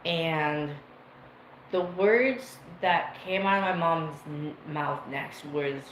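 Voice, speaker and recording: A man's voice: a little high, sing-song, slow, fairly bright tone. Rambling emotional man in an echoey room. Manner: rambling, emotional, swears freely. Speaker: livestream host. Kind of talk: casual storytelling to a live chat. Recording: roomy echo with faint ambient noise.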